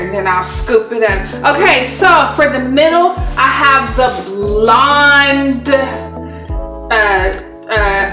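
A woman hosting a casual cooking demonstration, chatty and admiring her own work, speaking from a kitchen far from the mic. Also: fairly high pitch. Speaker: cooking show host. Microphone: far from the camera mic. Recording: echoey room, distant mic, background music.

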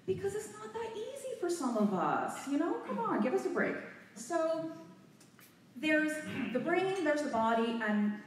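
A woman's voice: sits high, a little slow, slight background noise. Out-of-breath woman in an echoey hall. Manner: animated, laughing, a bit nervous. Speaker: guest speaker. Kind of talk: talk to a live audience. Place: hotel meeting room. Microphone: handheld mic, recorded from far off. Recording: echoey room from far off.

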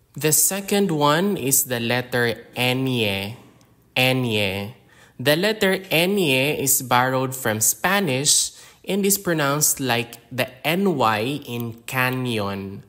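A man's voice: medium pitch, expressive, slow, fairly bright tone. A man with a Filipino accent teaching pronunciation, saying each example word twice and then explaining its meaning. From Philippines. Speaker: language teacher. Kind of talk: slow, careful pronunciation lesson.

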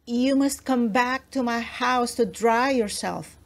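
A woman's voice: fairly high pitch, slow, voice pushed up. A woman voicing a kindly, caring witch in a storybook read-aloud, speaking in a reassuring way. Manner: kind, reassuring.

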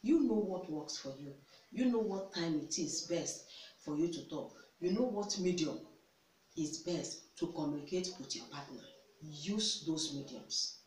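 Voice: medium pitch, animated, moderate pace, dark tone. Emphatic adviser in an echoey room. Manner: emphatic, repeats key words and asks rhetorical questions. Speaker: relationship advice vlogger. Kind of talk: instructive counseling talk. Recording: echoey room, distant mic, faint hiss.

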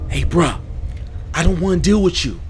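A man's voice: on the high side, animated, normal speed, a little hiss or hum. Profane, jittery man playing a horror game. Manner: profane, jittery, yelps and shouts at scares. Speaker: gaming video host. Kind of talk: horror game let's play commentary.

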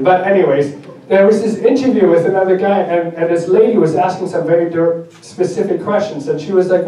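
In an echoey church sanctuary, with the microphone placed far off, a German pastor delivers a sermon. He sounds high-pitched, slightly fast, and dark in tone, and his style is direct and conversational, with self-deprecating jokes.

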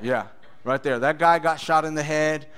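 Animated male pastor preaching. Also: a little high, normal speed, smooth. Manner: animated, acts out voices with loud bursts. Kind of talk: sermon with testimony.

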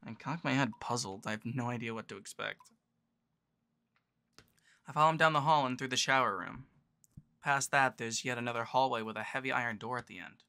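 A man reading a visual novel aloud in the first person, narrating in a casual, low-key way. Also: fairly quick, long pauses, pushed and bright, clean tone, no echo.

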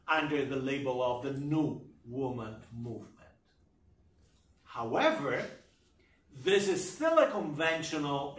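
A man giving a university literature lecture, talking in a deliberate, emphatic way and often checking in with his listeners. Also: on the high side, fairly bright tone. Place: lecture room. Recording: echoey room, voice from far off.

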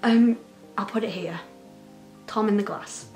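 Woman vlogger, mid-pitched, excitable and emotional, reacting in casual chat with faint music under her. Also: a little slow. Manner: excitable and gushing, laughs often. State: emotional, close to tears. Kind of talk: casual, unscripted reaction commentary.

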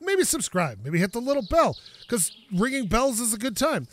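A very high-pitched, very animated young man narrates his gameplay at a normal speed. This gaming YouTuber gives casual let's-play commentary, talking to himself and swearing when frustrated, with slight background noise behind him.

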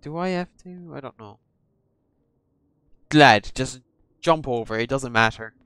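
A man's voice: mid-range voice, expressive, unhurried, fairly bright tone, clear, resonant tone, dry recording. A man hosting a horror game let's-play, jumpy and swearing, chatting to the characters on screen. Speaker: gaming channel host.

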